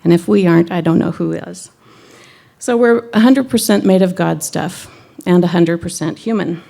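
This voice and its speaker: A woman minister giving a sermon in a conversational, gently wry way. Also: on the low side, gravelly.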